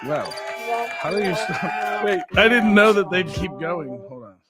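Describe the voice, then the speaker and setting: A man hosting a podcast from a studio desk, chatting and joking in a playful, animated way. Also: high voice, a little slow, noisy background. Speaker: podcast host. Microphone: desk microphone.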